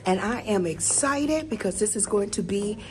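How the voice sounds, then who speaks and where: A middle-aged woman teacher and mom chatting casually to her viewers in an expressive, talkative way. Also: medium pitch, normal speed, a little hiss or hum. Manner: chatty and expressive, addresses viewers warmly as "baby" and "y'all". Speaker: elementary school teacher and mom. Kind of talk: casual vlog chat.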